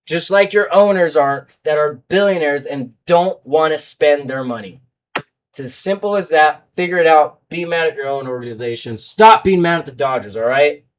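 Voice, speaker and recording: A man's voice: a little high, distant mic. A young man hosting a sports betting podcast, ranting heatedly about baseball fans and then running through his picks. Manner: heated, fast-swinging rant, loud then muttering.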